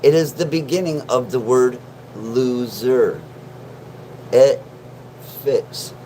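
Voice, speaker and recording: A man's voice: medium pitch, takes it slowly, warm tone, a little hiss or hum, low-quality recording. A man hosting a casual livestream from his mom's basement, joking and swearing as he chats with viewers. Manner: profane, joking, self-mocking. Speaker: livestream host.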